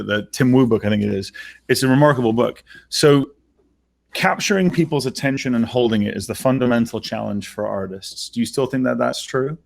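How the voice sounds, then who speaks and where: A man's voice: mid-range voice, vocal fry, a little mellow. A man hosting an interview, asking questions hesitantly with many fillers. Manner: hesitant, many ums and restarts. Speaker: interview host.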